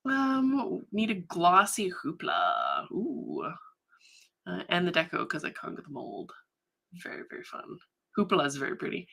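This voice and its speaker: Bright, lively-voiced woman livestreaming. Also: on the low side, a little slow, vocal fry. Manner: chatty, easily sidetracked, laughs often. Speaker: studio livestream host. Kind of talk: casual livestream chat, reading comments.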